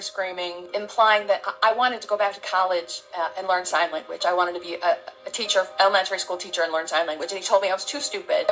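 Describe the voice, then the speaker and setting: Middle-aged woman guest, halting heartfelt testimony, mid-pitched, soft music underneath. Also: low-quality recording. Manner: halting, heartfelt storytelling with many restarts. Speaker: interview guest. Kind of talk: personal testimony.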